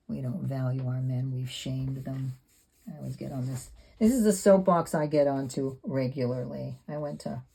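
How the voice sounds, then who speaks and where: A woman's voice: a bass voice, vocal fry, warm tone, slightly rough. A woman in her seventies talking candidly and rambling a little as she paints in her sketchbook. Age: 70s. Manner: rambling, candid, self-deprecating. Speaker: sketchbook artist. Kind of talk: casual reflective talk while painting.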